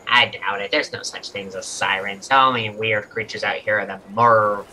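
A man's voice: lowish voice, steady tone, moderate pace, sharp tone, a little hiss or hum, poor audio. A man doing a grumpy, dismissive sailor. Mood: grumbling. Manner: grumbling, dismissive, folksy. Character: grumpy male sailor, boat crewman.

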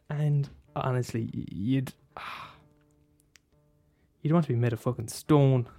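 A man's voice: medium pitch, unhurried, pauses often, dark tone, faint music behind. A man talking casually about a favourite film, rambling and restarting, swearing and laughing as he goes. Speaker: film commentator. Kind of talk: casual monologue.

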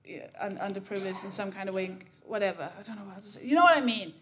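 A woman's voice: mid-range voice, fast talker. A woman co-hosting a live podcast on stage, chatty and trailing off into laughs. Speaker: podcast co-host. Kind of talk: casual on-stage chat. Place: live show venue.

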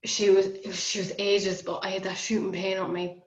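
A woman's voice: mid-range voice, little pitch movement, normal speed, reverberant, rough recording. A woman telling her birth story in a chatty, casual way, laughing often. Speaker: podcast guest.

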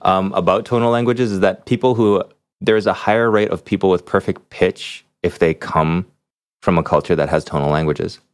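A man co-hosting a podcast in casual chat, chatty and quick with asides, laughing often. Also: low-pitched, fairly even intonation, clean tone, no room sound. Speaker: podcast co-host.

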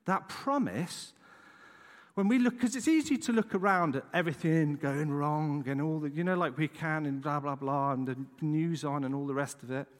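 A man's voice: fairly high pitch, normal speed, in a large hall. A man preaching a casual sermon, chatty and conversational, tossing in "right?" asides as he tells a story.

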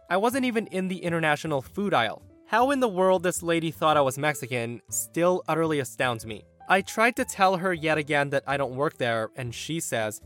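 A man hosting a podcast, reading revenge stories aloud with sarcastic, animated delivery. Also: a little high. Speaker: podcast host.

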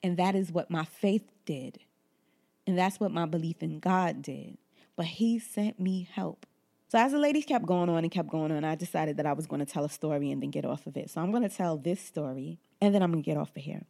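A woman from Brooklyn hosts her show, telling a faith parable the way she'd tell it to friends. Her voice sits a little low and carries a gravelly fry. She acts out the characters and drifts into an easy preaching cadence. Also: a little fast. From Brooklyn, New York. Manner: animated storyteller, acts out voices in quotes. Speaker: podcast host. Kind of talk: casual storytelling with preaching.

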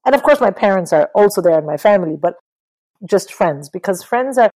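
Animated middle-aged woman guest. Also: medium pitch, fairly quick, low-quality recording. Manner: animated, swears, mimics people in quotes. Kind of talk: casual interview talk about books.

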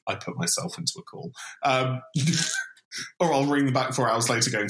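A man co-hosting a podcast in casual chat, giving dry, deadpan reactions. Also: mid-range voice, moderate pace. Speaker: podcast co-host. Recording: echoey room.

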